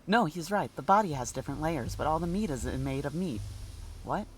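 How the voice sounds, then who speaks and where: A woman's voice: sits low, lively intonation, a little fast, a little mellow, slight background noise. A woman reading the part of an odd, blunt child in a video game, hesitant at times.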